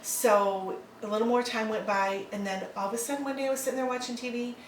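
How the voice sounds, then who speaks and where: A woman's voice: a little high, fairly even intonation, quick pace, recorded from a distance, a little hiss or hum. A woman in her fifties telling her story in a casual interview, hesitant and rambling, with lots of ums. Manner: rambling, hesitant, many ums and likes, laughs often. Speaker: adoptive mother, interview guest. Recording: roomy echo, from off-mic, faint ambience.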